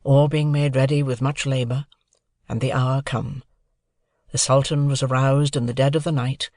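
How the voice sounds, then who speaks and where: An audiobook narrator reading a classic novel in a measured, formal, literary manner. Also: medium pitch, flat delivery, darkish tone, no echo, studio quality.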